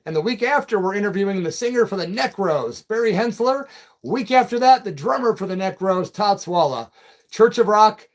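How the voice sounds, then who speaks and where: A man hosting a casual live chat, reading out viewer comments in a loose, friendly way and calling people brother and man. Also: high-pitched. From Peoria, Illinois. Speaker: livestream and radio host.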